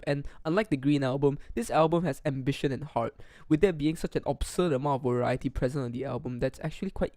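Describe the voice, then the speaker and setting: A man's voice: medium pitch, a little mellow, no room sound. A young man narrating a scripted music album review, enthusiastic and detailed, into a condenser studio microphone at home.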